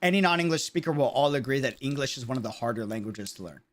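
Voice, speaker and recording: A man's voice: medium pitch, lively intonation, fast. A man with a New York accent giving casual livestream commentary, rambling and searching for his words. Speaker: streamer.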